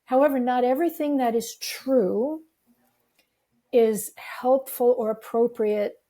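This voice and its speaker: A woman's voice: on the high side, slow pace. A middle-aged woman, a grief recovery specialist, telling a personal story in a conversational interview. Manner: reflective, animated when quoting others.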